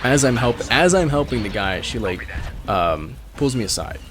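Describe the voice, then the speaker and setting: A man's voice: mid-range voice, expressive, moderate pace, noisy background. A man hosting a gaming channel, rambling through a long story while giving orders in a strategy game, laughing often and breaking off mid-thought. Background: game music.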